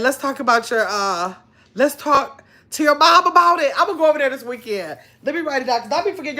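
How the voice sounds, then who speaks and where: Middle-aged woman, casual livestream chat, chatty storyteller, laughs a lot, a bit high-pitched. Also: pushed and bright. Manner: chatty storyteller, reads viewer comments aloud, laughs often. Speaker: channel host.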